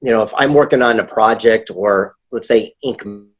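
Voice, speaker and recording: A man being interviewed as a guest author and speaker, telling stories in a lively way and acting out the dialogue he quotes. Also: on the low side, normal speed. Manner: animated, acts out quoted dialogue. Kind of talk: casual interview storytelling.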